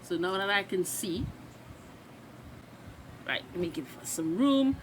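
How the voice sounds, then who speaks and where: A woman's voice: mid-range voice, expressive, measured pace, pauses often, slight background noise, poor audio. A woman from Trinidad with a Trinidadian accent, chatting loosely through a TV recap as a reaction video host and restarting her sentences. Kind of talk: casual recap and live reaction.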